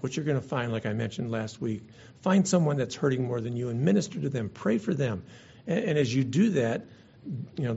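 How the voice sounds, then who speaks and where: Man, pastor, earnest conversational sermon, husky voice, muffled lo-fi sound. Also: mid-range voice, darkish tone. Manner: earnest, conversational preaching with restarts. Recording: dull lo-fi recording.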